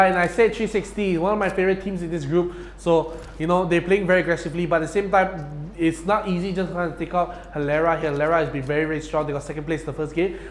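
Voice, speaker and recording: A man, casting an esports match live, excitable and full of "lah" and "you know" fillers. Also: a little high, slight background noise. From Malaysia. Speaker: esports caster. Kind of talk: live game commentary.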